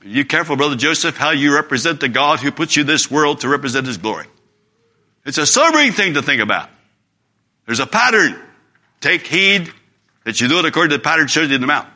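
A man's voice: fairly high pitch, big pitch swings, fast talker, sharp tone. A man preaching a sermon in an earnest, emphatic way, reading scripture aloud.

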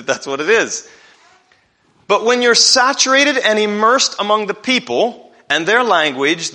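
A man preaching a sermon in church, talking in a conversational way, slowing down to stress scripture and asking the congregation questions. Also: high voice, sharp tone.

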